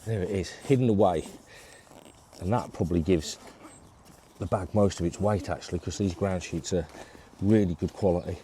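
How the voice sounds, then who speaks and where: Setting up a fishing shelter outdoors in his garden, an angling vlogger narrates each step casually while holding a handheld video camera one-handed. He speaks at normal speed in a low, dark voice, and the recording carries a little hiss or hum.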